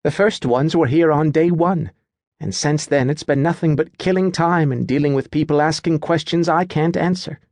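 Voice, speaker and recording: A man voicing a bored, blunt young woman working a booth, flat and unimpressed. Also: a little high, normal speed, dry recording, studio quality, voice pushed up, close to an everyday voice. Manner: flat, unimpressed, matter-of-fact.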